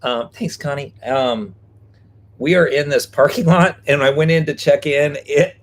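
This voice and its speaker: Speaking at a measured pace in a fairly high voice, a man co-hosts a live stream from a vehicle parked behind a restaurant. He keeps it casual and playful, joking with viewers and trading rhyming name games.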